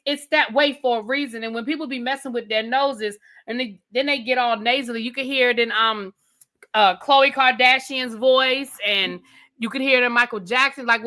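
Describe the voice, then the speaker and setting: Incredulous, bright-voiced woman ranting. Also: fairly high pitch. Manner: blunt, incredulous, rapid-fire rhetorical questions. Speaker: TV review host. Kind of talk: casual rant review.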